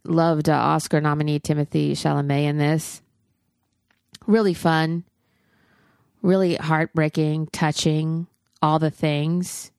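A woman's voice: low voice, little pitch movement, slow, creaky, pauses often, a little mellow, smooth, no room sound, studio quality. A middle-aged woman in casual chat, giving candid, profane opinions on films with frequent restarts. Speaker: podcast co-host reviewing films.

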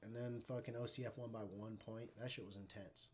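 A man's voice: on the low side, fairly even intonation, a little fast, slight background noise. A man hosting a live stream in casual chat, talking in a loose, rambling, profane way.

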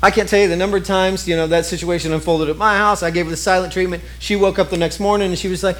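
A middle-aged man preaching a sermon in a lively, conversational way, often turning to the congregation with quick asides. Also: high-pitched. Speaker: pastor.

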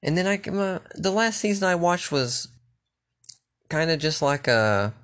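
A man's voice: a little high, big pitch swings, measured pace, a bit bright. Rambling, profane young man. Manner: loose, profane, rambling with restarts. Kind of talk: casual rambling chat.

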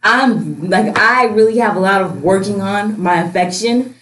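A woman's voice: mid-range voice, a little slow, fairly bright tone. A young woman in a casual group conversation who talks reflectively and peppers her speech with "like". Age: young adult. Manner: reflective, heavy use of "like". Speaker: discussion participant. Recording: roomy echo.

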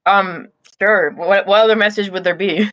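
A woman co-hosting a casual podcast review, offhand and a little halting, recorded remotely over a call. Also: mid-range voice, fairly even intonation, a bit bright, no echo, poor audio. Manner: offhand, talks while chewing, with frequent ums and restarts. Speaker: podcast co-host.

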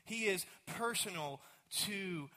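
A man with a Texan accent preaching a sermon as a pastor, swinging from loud emphatic lines to hushed, slow, drawn-out words. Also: high voice, lively intonation.

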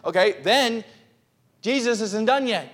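Expressive and unhurried, this pastor preaches to his church congregation in a strikingly high male voice. His sermon swells into loud, passionate outcries, and he stops to ask listeners questions to be sure they're with him.

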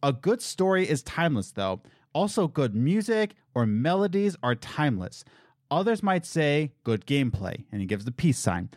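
A man's voice: a little high, sing-song, normal speed, a little mellow, no echo, studio quality. A man in his late twenties hosting a casual podcast chat, joking around and reading listener comments aloud. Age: late 20s. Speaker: podcast host.

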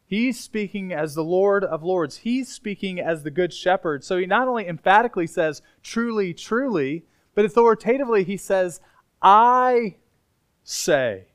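A male pastor preaching to his congregation in a relaxed, emphatic, conversational way. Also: high-pitched, a little fast, few pauses. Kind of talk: sermon. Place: church sanctuary.

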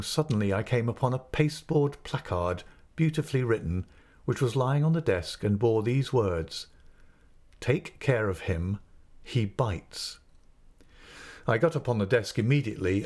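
A man narrating a classic novel in a measured, expressive reading voice. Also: on the low side.

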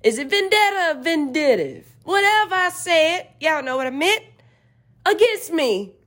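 Fiery, profane woman with a lively high voice. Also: a little slow. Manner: profane, fiery, preachy and emphatic. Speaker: podcast host. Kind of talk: emphatic spiritual rant.

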